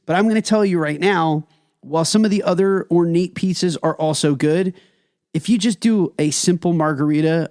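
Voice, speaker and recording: A man's voice: a little high, darkish tone, dry recording. Emphatic man, dry close mic. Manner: enthusiastic, emphatic, tells stories. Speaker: podcast co-host. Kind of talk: casual food podcast chat.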